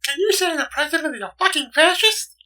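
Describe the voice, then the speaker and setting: A man voicing a foul-mouthed furry puppet monster in a squeaky, very high voice. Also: lively intonation, quick pace, pushed and bright, recorded from a distance, exaggerated voice. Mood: provocative. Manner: squeaky, cursing.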